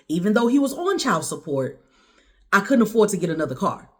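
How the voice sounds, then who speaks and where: A woman recounting a harrowing personal story straight to the camera, her voice climbing high and loud when she relives her own words, then dropping low and quiet. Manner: intense, rising to near-shouts when quoting herself.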